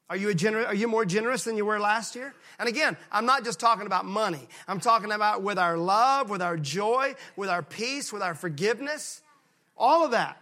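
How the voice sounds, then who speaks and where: Male pastor from Mississippi, emphatic sermon delivery, high-pitched and ringing. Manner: emphatic preaching, slows down to stress key lines; acts out folksy characters in quieter voices.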